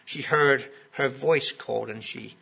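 A man's voice: mid-range voice, unhurried, creaky, pushed and bright, breathy edge. A man preaching a sermon in a conversational way, often putting questions to his listeners.

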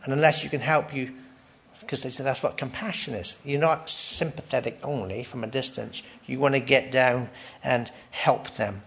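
A man's voice: mid-range voice, fairly even intonation, moderate pace, vocal fry, a bit bright. A man preaching a sermon in a conversational way, asking the congregation questions, tagging "right?" onto his points and laughing lightly between phrases.

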